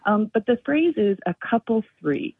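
A woman's voice: mid-range voice, sing-song, moderate pace, slightly rough, dry recording. A woman calling in to a radio show, telling a story in a chatty way. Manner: chatty storytelling, laughs often. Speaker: caller. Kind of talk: phone-in call. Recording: phone line.

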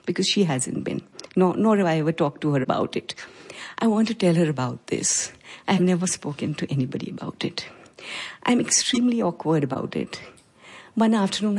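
A woman in her forties with an Indian English accent, telling a personal story in a measured, reflective way with pauses. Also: low-pitched, a little mellow, slightly rough. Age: 40s.

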